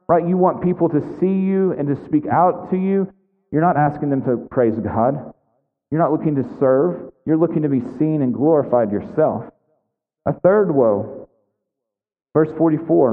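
Male preacher with a fairly high voice, chatty sermon full of "right?" asides, phone-like audio with long hall reverb. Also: moderate pace.

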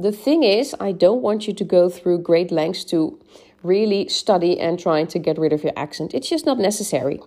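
A woman's voice: on the high side, warm tone. A woman hosting a solo podcast, giving encouraging speaking tips with frequent "um"s and "right?" checks. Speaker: podcast host and English speaking coach. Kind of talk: solo podcast advice talk.

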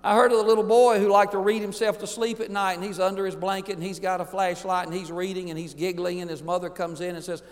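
A pastor preaching a sermon emphatically, swinging between booming declarations and hushed asides. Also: male voice, little pitch movement, fast, hardly any pauses, in a large hall.

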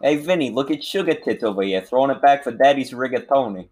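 A man's voice: mid-range voice, lively intonation, quick pace, darkish tone, slight background noise, pitched above the performer's own voice, natural voice. A man putting on a crude Italian wise guy. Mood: swaggering. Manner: brash, flirty, leering.

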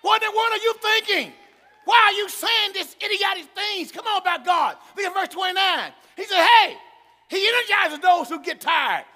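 A man preaching a sermon, shouting and emphatic, with a folksy manner. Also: extremely high pitch, moderate pace. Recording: long reverb of a large hall.

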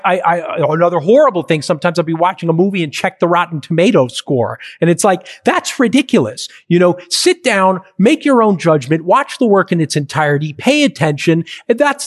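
A middle-aged man, a filmmaker and interview guest, talking casually and telling stories with lots of fillers. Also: sits high. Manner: animated storyteller, acts out quotes. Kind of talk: conversational interview.

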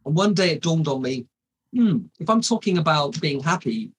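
Guy in his 40s, bit high voice, rambly, restarts a lot, faint hiss behind. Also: sing-song, normal speed, poor audio. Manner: rambling, many restarts and fillers. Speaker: hypnotist guest. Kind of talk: casual interview chat.

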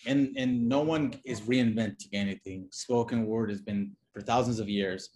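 A man talking as a guest in a relaxed interview, loose and conversational, with frequent fillers and restarts. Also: medium pitch, moderate pace. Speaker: designer and podcast guest. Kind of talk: casual interview chat.

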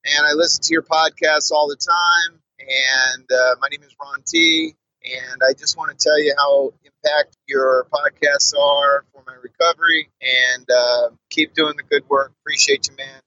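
A man in his forties leaves a halting, sincere voice message. His voice is bright and a little high. The sound is dull and lo-fi, like a phone message. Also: fairly even intonation. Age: 40s. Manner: halting, plain-spoken. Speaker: listener leaving a voice message. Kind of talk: recorded voice message.

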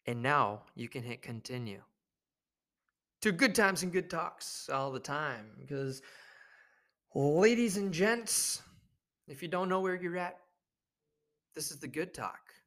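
A young man hosting his own podcast, rambling through a jokey, profane monologue with sudden loud bursts. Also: medium pitch, animated, measured pace, pauses often. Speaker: podcast host. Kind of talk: casual comedic monologue.

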